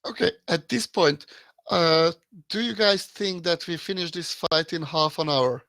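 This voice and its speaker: Guy player at a d&d table, bit high voice, dry close sound, fighting off a cold. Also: a little slow, fairly bright tone, no echo. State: coming down with a cold. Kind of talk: casual chat at a game table.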